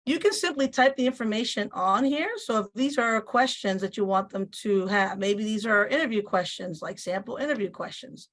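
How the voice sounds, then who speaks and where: A woman with a Spanish accent, teaching a webinar on presentation software in an upbeat, explanatory way. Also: medium pitch, moderate pace, few pauses. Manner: upbeat, explanatory, mimics software prompts in a lighter voice. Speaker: teacher giving a training session. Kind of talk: instructional webinar demo.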